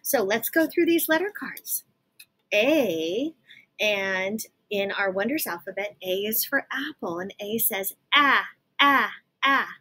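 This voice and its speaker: Slow, breathy-voiced woman teaching phonics. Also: mid-range voice, animated. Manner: slow, patient, sounding out letters. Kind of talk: phonics lesson for young children.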